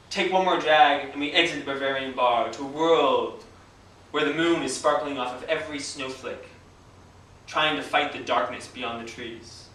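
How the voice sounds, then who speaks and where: Male storyteller, wry and vivid, bright tone, recorded from a distance in an echoey room. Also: fairly high pitch. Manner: wry, vivid, laughs at his own story. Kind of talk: live storytelling performance.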